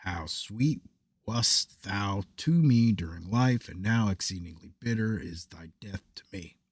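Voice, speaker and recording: A man's voice: fairly low pitch, lively intonation, slightly rough, no room sound, full character voice. Man voicing a grief-stricken old father. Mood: lamenting. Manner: slow mournful lament, voice dropping very soft. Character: grieving old father, wailing for his son.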